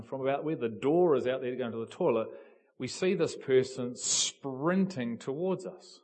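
A man preaching a sermon, telling a story with animated build-ups and emphatic peaks. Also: fairly high pitch. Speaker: pastor.

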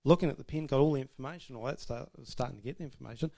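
A man's voice: medium pitch, racing, vocal fry, mellow. Man, church testimony, conversational and self-mocking, laughs a lot. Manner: chatty, self-deprecating, laughing often. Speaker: speaker sharing about marriage. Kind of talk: informal testimony to a church audience.

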